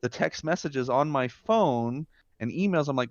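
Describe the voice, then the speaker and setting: A man's voice: mid-range voice, animated, a little slow, no room sound, lo-fi sound. A man telling a long casual story as a talk show guest, rambling with lots of fillers and restarts.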